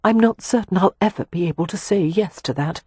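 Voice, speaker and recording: A guarded young governess in an audiobook romance, read by a man. She speaks hesitantly and quietly, in a somewhat high, husky voice, close and dry. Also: a little fast, dry recording. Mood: wistful. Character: reserved young English governess, guarded woman.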